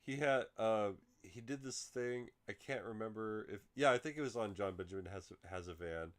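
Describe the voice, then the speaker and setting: A man hosting a casual chat, telling stories in an animated way and swearing freely. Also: lowish voice, normal speed. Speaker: podcast host.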